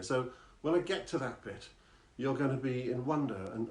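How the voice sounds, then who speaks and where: A man's voice: mid-range voice, animated, fast talker, few pauses. A man who sings and writes songs, chatting on a live stream between comic songs, rambling and making fun of himself. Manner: rambling, self-deprecating asides. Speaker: singer-songwriter performing live. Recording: echoey room, guitar playing.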